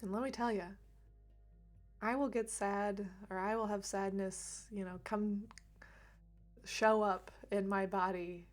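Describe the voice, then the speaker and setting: A woman speaking gently and reflectively on a livestream about emotions, laughing lightly now and then. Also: mid-range voice, steady tone, slow, pauses often, soft background music. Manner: soft, reflective, laughs lightly, drops to near whisper at times. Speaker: reiki streamer. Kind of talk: gentle spiritual talk on a livestream.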